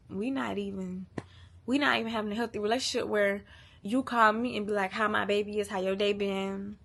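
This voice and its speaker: A woman's voice: medium pitch, pushed and bright. Candid woman venting. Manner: candid, emotional, profane, repeats herself. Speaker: vlogger. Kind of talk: emotional venting to camera.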